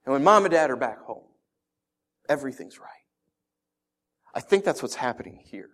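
Lively, animated male preacher. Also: medium pitch, moderate pace. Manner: animated storytelling with rhetorical questions. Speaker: pastor. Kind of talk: conversational sermon.

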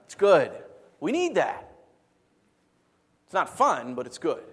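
A middle-aged married man preaching a sermon, animated and rhetorical with a humorous streak. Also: a little high, takes it slowly, slightly rough. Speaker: pastor.

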